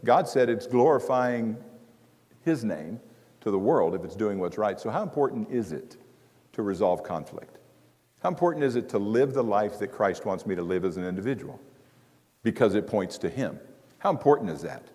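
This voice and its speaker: In a church sanctuary with long hall reverb, a middle-aged guest preacher speaks on marriage, weaving humorous stories into a conversational sermon. His voice is fairly low and a little mellow, with lively intonation and normal speed.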